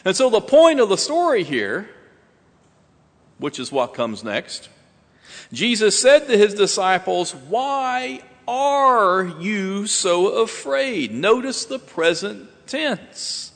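A man preaching a sermon slowly and deliberately, with dramatic pauses and rising emphasis. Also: high voice, big pitch swings, in a large hall.

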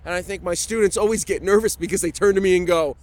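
A man's voice: high voice, fast talker, darkish tone. A man, a flight instructor, talking chattily and with animation in an interview. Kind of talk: enthusiastic interview talk.

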